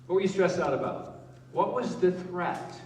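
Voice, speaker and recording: A man's voice: sits high, animated, normal speed, darkish tone, recorded from a distance, a little hiss or hum. Man preaching in an echoey hall. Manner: conversational, asks the congregation questions, jokes. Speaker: pastor. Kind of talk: sermon. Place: church hall with a live congregation.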